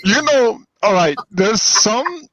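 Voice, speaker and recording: Lively man chatting with laughs. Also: high-pitched, slow, dry recording. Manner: laughs often, animated storytelling. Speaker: co-host of an art stream. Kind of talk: casual chat. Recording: dull dry sound.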